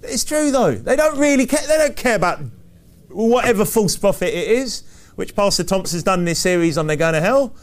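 A man with a notably high voice delivers a sermon in a forceful, repetitive cadence. He hammers his points home again and again and throws rhetorical questions out to the congregation. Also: lively intonation, fairly quick. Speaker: preacher.

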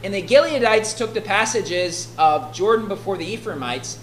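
A woman's voice: mid-range voice, lively intonation, normal speed, a little hiss or hum. A woman preaching a sermon who reads scripture aloud and explains it in a conversational way, often checking in with "right?". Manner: conversational, keeps asking "right?". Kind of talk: expository sermon. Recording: echoey room with faint ambience.

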